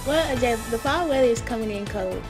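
A teenage girl anchoring a student news show, reading in a clear, measured way. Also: on the high side, over music. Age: teens.

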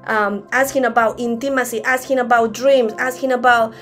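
A woman's voice: a little high, steady tone, moderate pace. A woman preaching a sermon at a church service in a conversational way, often restarting her sentences.

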